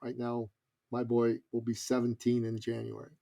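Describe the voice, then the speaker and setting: A man's voice: medium pitch, completely flat delivery, normal speed, gravelly, warm tone. A middle-aged man telling a personal story as a podcast guest, earnest and emphatic. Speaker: podcast guest, business coach.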